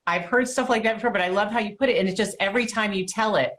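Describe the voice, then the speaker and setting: A woman's voice: mid-range voice, rapid-fire, fairly bright tone. A woman hosting a podcast interview, talking in a conversational, affirming way and sharing personal stories. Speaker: podcast host.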